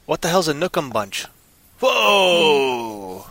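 A man spins silly made-up tales on a livestream, rambling from one random tangent to the next. His voice sits a little high and sounds bright, recorded close and dry. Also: sing-song, takes it slowly, dry recording. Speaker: stream co-host. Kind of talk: silly improvised storytelling on a livestream.

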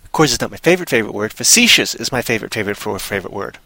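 A man's voice: fairly low pitch, animated, very fast, pushed and bright, dry recording. A man hosting a casual live show, talking in a hyper, playful way full of wordplay. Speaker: show host.

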